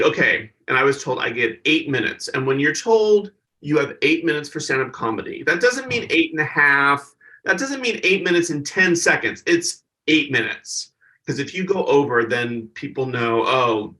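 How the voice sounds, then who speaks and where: A man's voice: on the high side, moderate pace, distant mic. A man, a stand-up comedian and guest, telling stories in a casual interview and acting out the people he quotes. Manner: animated storyteller, acts out the people he quotes.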